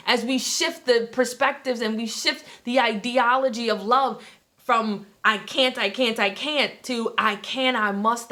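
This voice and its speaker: A woman's voice: fairly high pitch, normal speed, bright, forceful tone. A woman preaching a motivational sermon as a self-styled love evangelist, with impassioned, repetitive call-and-response delivery. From United States.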